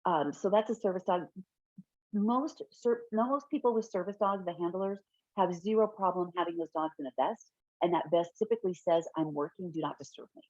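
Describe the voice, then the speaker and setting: A middle-aged woman giving an online fair housing training from her home office, chatty and quick to laugh, often correcting herself mid-sentence. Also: lowish voice, a little mellow, no room sound. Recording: dull, lo-fi webinar audio.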